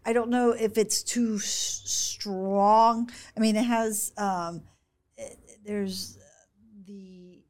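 A woman in a casual chat, speaking haltingly with many restarts. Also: medium pitch, fairly even intonation, darkish tone. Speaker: guest from the international department.

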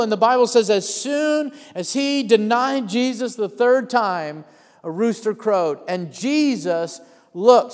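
A man preaches a storytelling sermon, regularly calling out to the congregation for an amen. His voice is notably high for a man. Long reverb rings behind him, as in a church hall. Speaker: pastor.

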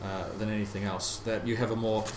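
A man co-hosting a casual podcast discussion, musing reflectively with halting restarts. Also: on the low side, flat delivery. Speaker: podcast co-host. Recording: roomy sound with faint background hiss.

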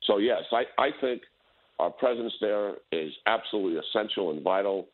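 A man, a military general, giving a measured, firm interview as a guest on a call-in. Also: lowish voice. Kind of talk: phone interview. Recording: tinny phone line.

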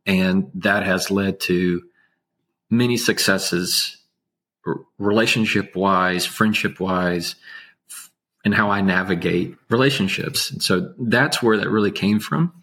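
A man speaking as an interview guest, an attorney, with a calm, soothing low voice and slow, measured delivery. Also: slightly rough. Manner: slow, measured, unhurried speech. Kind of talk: casual interview talk.

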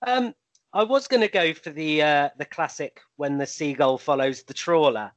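A man's voice: a little high, normal speed, dry recording, lo-fi sound. A man on a chat panel, telling an anecdote with plenty of ums and hesitations. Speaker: panel guest.

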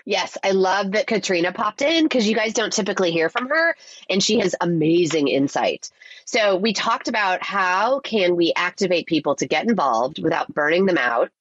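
A woman co-hosting a podcast, stuffed up from a cold, talking in an upbeat, expressive way. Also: lowish voice, normal speed, breathy edge, no room sound, dull audio. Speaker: podcast co-host. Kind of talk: podcast intro and casual chat.

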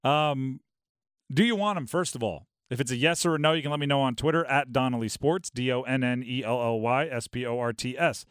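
A man hosting a sports talk radio show, talking in an animated, quick way and dropping into mock voices for bits. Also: medium pitch, clean tone, no room sound, clean studio sound. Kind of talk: casual sports talk monologue.

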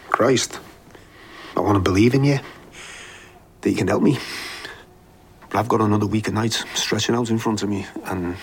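An actor with a Liverpool accent playing a troubled, emotionally strained male police responder in a TV drama, halting and whispering harshly. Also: on the low side, a bit bright, slight background noise, low-quality recording. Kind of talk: TV drama acting.

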